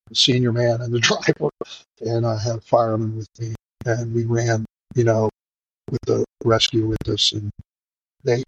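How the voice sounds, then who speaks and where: A man's voice: mid-range voice, husky, poor audio. A middle-aged man, a firefighter, telling a raw story in an interview, profane and emotional, rambling with many fillers. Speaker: firefighter and podcast guest.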